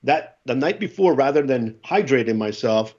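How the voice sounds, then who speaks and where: A middle-aged man, a former Marine, telling stories in a casual interview, animated and acting out what others said. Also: medium pitch, normal speed, highs cut off. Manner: animated storyteller, acts out quotes. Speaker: podcast guest, former Marine.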